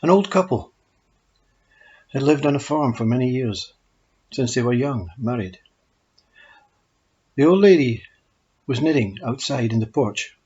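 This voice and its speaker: Guy telling little parables, calm and measured, really husky voice, muffled lo-fi. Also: medium pitch. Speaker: storyteller. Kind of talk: spoken parables. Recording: dull lo-fi recording.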